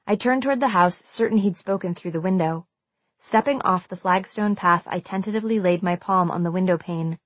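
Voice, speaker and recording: A woman's voice: on the low side, fairly quick, no echo. A woman reading a first-person audiobook aloud, telling a tense and suspenseful story. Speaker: audiobook narrator.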